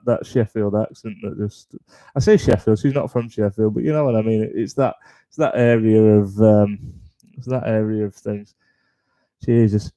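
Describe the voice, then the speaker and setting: A man's voice: medium pitch, warm tone, no room sound, rough recording. A man hosting a casual comedy livestream, rambling, swearing and interrupting himself as he talks. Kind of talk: casual stand-up chat.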